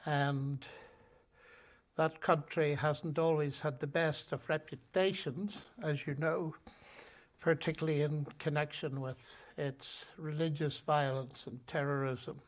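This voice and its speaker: An older man from Northern Ireland with a Northern Irish accent, telling his story in a measured, gently humorous way as the guest of a live on-stage interview in a lecture hall. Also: on the high side, fairly even intonation. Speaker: guest speaker.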